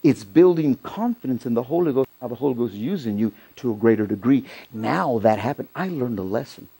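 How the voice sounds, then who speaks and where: A middle-aged man preaching a sermon in a church, telling a story and rising to loud, excited peaks. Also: mid-range voice, brisk, creaky, slightly rough. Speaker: pastor.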